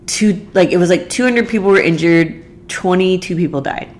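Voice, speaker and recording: A woman hosts her podcast by herself, her low, deep voice a little mellow and moving at a moderate pace. Talking things through casually, she rambles earnestly, often restarting and leaning heavily on "like" and "you know."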